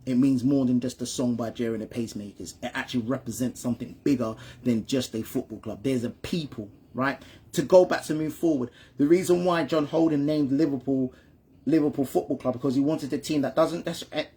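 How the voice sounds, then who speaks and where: A man's voice: medium pitch, fairly quick, mellow, slightly rough. A father telling his son football history in a casual chat, often checking in with "right?" and "you understand me?". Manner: repeats and restarts words when stumbling. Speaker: father and channel host.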